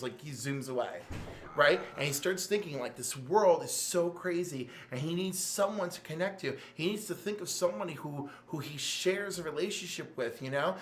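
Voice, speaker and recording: A man co-hosting a casual comics podcast, retelling scenes with excited storytelling and quick jumps into character voices. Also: on the high side, slight background noise. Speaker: podcast co-host reviewing comics. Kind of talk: animated casual chat, acting out scenes. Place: game store.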